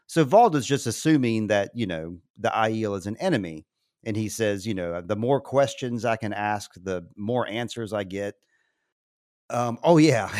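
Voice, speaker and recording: A man's voice: fairly low pitch, no echo, studio quality. A man recapping a TV episode in casual podcast chat, rambling and laughing often. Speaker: podcast co-host.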